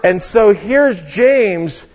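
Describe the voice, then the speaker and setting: Guy with a high voice preaching, lively storytelling, cracks jokes, dull lo-fi sound. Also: extremely slow. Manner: lively storytelling with joking asides. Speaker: guest preacher. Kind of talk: sermon. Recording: dull lo-fi recording.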